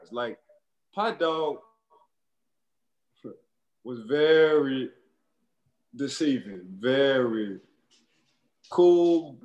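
Ex-player telling lively stories, slightly high voice, reverberant room. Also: male voice, dull audio. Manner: animated, laughing storyteller. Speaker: former football player, podcast guest. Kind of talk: casual storytelling chat.

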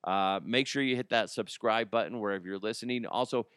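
Joking podcast host, dry close sound. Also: male voice, fairly low pitch, brisk, fairly bright tone, smooth, dry recording. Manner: joking, rambling, laughs at own jokes. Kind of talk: casual solo podcast monologue.

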